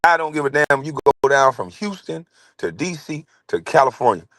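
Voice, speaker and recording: A man's voice: a little high, sing-song, moderate pace, fairly bright tone, no echo, low-quality recording. A man in his forties hosting a casual commentary show, talking in a blunt, rambling and heated way. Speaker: show host.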